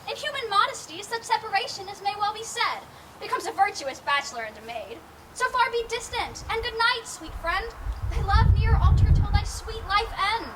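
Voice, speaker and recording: A woman playing Hermia, a modest, loving young noblewoman, with earnest verse delivery in outdoor Shakespeare stage acting. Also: extremely high pitch. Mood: gentle. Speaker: stage actor. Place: outdoor town square. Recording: outdoor performance with loud background noise.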